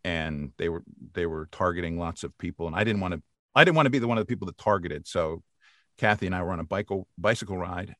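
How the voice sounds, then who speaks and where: Bright-voiced older male voice actor, animated. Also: low-pitched, fast talker, no room sound, clean studio sound. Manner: animated, laughs often, acts out quotes. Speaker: voice actor guest. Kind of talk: casual interview storytelling.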